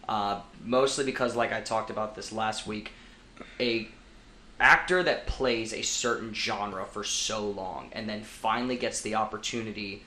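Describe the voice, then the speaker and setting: A man's voice: fairly low pitch, fairly even intonation, measured pace, bright, forceful tone. A man co-hosting a casual movie podcast, talking in an earnest, easygoing way. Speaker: podcast co-host. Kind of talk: casual film chat. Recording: roomy with light noise.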